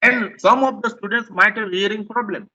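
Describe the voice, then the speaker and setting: A man's voice: high-pitched, moderate pace, sharp tone, muffled recording. A man with an Indian English accent giving a classroom lecture, explaining points and repeating them. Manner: repetitive, explanatory, rephrases points.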